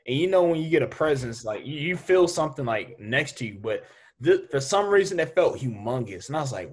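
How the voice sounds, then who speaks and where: A young man co-hosting a podcast, telling stories in an animated way and laughing often. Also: mid-range voice, fairly quick, breathy edge. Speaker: podcast co-host. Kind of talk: casual chat.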